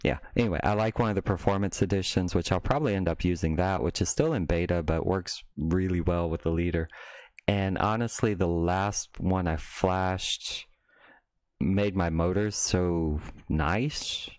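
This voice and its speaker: A man's voice: sits low, darkish tone, no room sound. A man hosting a casual live stream, talking in a rambling, self-interrupting way that breaks into mocking rants.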